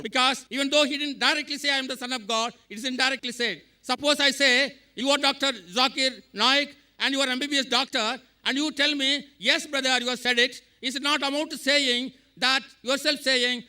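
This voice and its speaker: A man's voice: very high-pitched, pushed and bright, smooth. A man in the audience putting a question at a public talk, quoting scripture at length and numbering his points.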